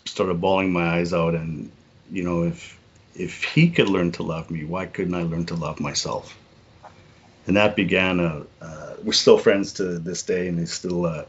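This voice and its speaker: Deep husky man, earnest halting storyteller. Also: muffled recording. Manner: earnest, halting, repeats words, many "you know" fillers. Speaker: podcast guest. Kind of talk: reflective personal storytelling.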